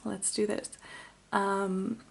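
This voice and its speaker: A woman giving an intuitive tarot reading to camera, gentle and musing, with many fillers and restarts. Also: medium pitch, level tone, extremely slow, creaky. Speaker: tarot card reader.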